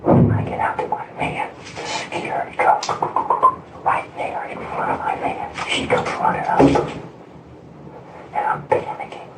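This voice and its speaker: A man's voice: a little slow, long pauses. Agitated man on a distant, noisy recording. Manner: agitated, rambling, repeats himself. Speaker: recorded interviewee. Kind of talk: recounting events in a recorded interview. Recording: distant, roomy recording with loud noise.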